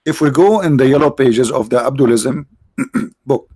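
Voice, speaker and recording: A man's voice: medium pitch, normal speed, mellow, husky, no room sound. A man hosting a livestream, giving mocking, sarcastic religious debate commentary in broken English. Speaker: livestream host.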